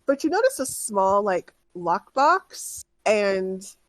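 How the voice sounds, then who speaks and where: A woman narrating as game master of a tabletop game, halting often with fillers. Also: medium pitch, sing-song, no room sound.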